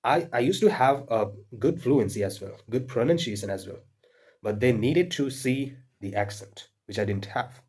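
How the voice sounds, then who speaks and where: A man's voice: medium pitch, lively intonation, moderate pace, darkish tone, breathy edge. A man with an Indian accent giving earnest, repetitive spoken advice to English learners, with frequent fillers and restarts.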